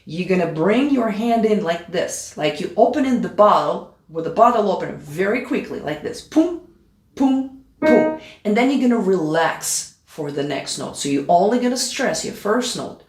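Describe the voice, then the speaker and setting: Woman piano teacher, counts beats and checks in, echoey room with loud piano. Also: fairly low pitch, expressive, normal speed, few pauses. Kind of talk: play-along piano tutorial. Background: piano playing.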